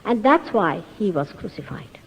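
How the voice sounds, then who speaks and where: A woman's voice: mid-range voice, big pitch swings, normal speed, breathy edge. A woman in her fifties giving an earnest spiritual talk to an audience, full of emphatic rhetorical questions. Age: 50s. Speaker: spiritual teacher. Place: lecture hall. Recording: 1970s hall recording with long reverb.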